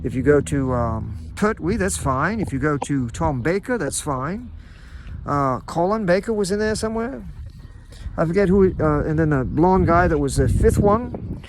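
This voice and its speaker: A middle-aged man talks straight to his viewers in a loose, rambling vlog. He stammers and restarts as he goes. His voice sits fairly high and leaps up and down. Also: lively intonation, normal speed, noisy background. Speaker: vlogger. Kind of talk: casual rambling monologue.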